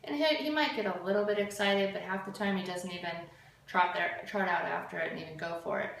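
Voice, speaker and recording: A woman dog trainer giving a steady, explanatory lesson outdoors in a field. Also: on the low side, fast talker, vocal fry, a little hiss or hum. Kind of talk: instructional narration. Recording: echoey, from far off.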